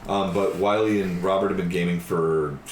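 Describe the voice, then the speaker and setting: A man at a tabletop game who talks in a relaxed, conversational way. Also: sits low, normal speed, a little hiss or hum. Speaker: player. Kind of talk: casual chat. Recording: echoey room with chatter behind.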